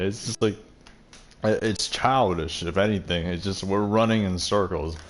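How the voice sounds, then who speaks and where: A man's voice: fairly low pitch, moderate pace, a little hiss or hum. A young man casually commenting on a game he is playing, rambling, joking and swearing. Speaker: gaming streamer.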